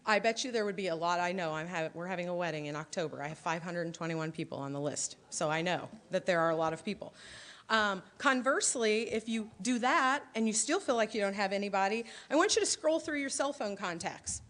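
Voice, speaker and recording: Speaking at a medium pitch and a brisk clip, a middle-aged woman from Illinois runs an animated, conversational training session for her sales staff, playing out bits of dialogue as she goes.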